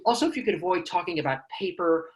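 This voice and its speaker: A man's voice: high-pitched, expressive, quick pace. A man doing a fussy, cautious rabbi. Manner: hesitant, overly careful requests. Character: cautious middle-aged male rabbi, fussy.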